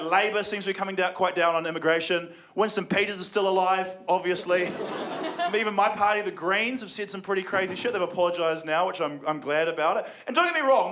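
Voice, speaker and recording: A young man with a New Zealand accent works a live crowd, his voice sitting high and his delivery sarcastic and excitable. The live show comes through with plenty of noise behind him, audience laughter rolling under his lines. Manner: excitable, sarcastic, jumps into shouted mocking voices. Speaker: stand-up comedian. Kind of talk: live stand-up comedy. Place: comedy venue with live audience.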